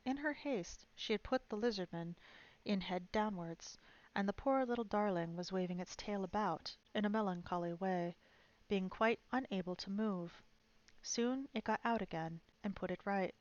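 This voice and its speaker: A woman streamer reading a storybook aloud, narrating steadily and expressively. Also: mid-range voice. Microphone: streaming mic. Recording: dull lo-fi stream audio.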